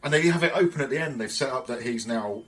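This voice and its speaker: A man's voice: mid-range voice, expressive, fast talker, a bit bright. A man co-hosting a podcast, chatting casually and enthusiastically, swearing freely as he rambles through retellings. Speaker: podcast co-host. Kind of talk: casual chat.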